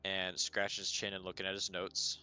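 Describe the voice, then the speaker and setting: A man running a tabletop game as dungeon master, narrating casually with many pauses and fillers. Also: deep voice, monotone, sharp tone, clean tone, soft background music.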